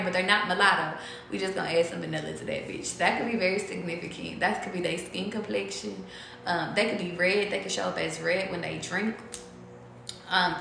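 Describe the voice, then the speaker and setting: A woman's voice: medium pitch, creaky, pushed and bright. A young woman giving a casual tarot reading to her viewers, loose and chatty, swearing freely and breaking into bits of song. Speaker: tarot reader. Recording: echoey room with faint background noise.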